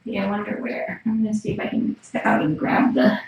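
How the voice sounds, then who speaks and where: A woman working at a cat rescue, talking casually to a live stream camera and softly cooing and whispering to a cat. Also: mid-range voice, fairly quick. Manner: soft, cooing baby talk to a cat, often whispered. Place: small room in a cat rescue shelter. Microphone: room camera mic from across the room. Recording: echoey room, voice from far off. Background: faint room noise and cats.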